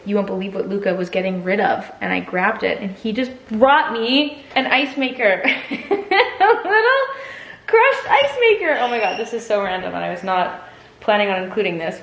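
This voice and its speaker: A woman's voice: medium pitch, gravelly, echoey room. A young English woman, jet-lagged, chatting casually to the camera at home in a rambling way, full of tangents. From England. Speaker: vlogger. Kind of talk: casual morning chat to camera.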